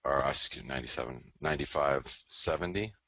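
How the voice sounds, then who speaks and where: A man's voice: a bass voice, a little fast, bright, forceful tone. A man hosting a live forex market show, rambling casually through charts and often correcting himself.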